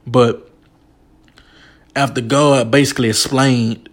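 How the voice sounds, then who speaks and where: A man's voice: mid-range voice, steady tone, takes it slowly. Emotional male preacher. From United States. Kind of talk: sermon.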